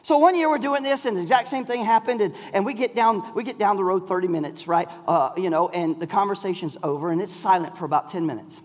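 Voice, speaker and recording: A middle-aged man preaching a sermon, telling a story in an animated way, often laughing and shouting. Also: high voice, fast, few pauses. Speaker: pastor. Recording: long hall reverb.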